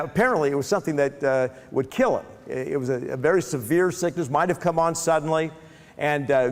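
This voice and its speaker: A man retells a Bible story as a lecture, animated, and often restarting his phrases. His voice sits fairly high for a man. A long hall reverb trails behind his words. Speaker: speaker.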